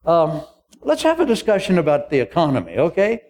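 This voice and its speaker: Animated older man preaching a lively sermon. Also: high-pitched, fairly quick. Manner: animated storyteller acting out dialogue with humor. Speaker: pastor.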